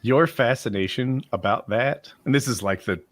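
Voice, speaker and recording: A man's voice: medium pitch, normal speed, no echo. A man hosting a podcast, chatting casually with a joking, self-deprecating manner and frequent laughs. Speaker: podcast host. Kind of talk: casual chat.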